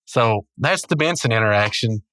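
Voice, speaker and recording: A man's voice: on the low side, animated, moderate pace, sharp tone, no echo. A man hosting a podcast, casually recapping a cartoon in a rambling, self-correcting way with chuckles, on a close mic. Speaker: podcast host.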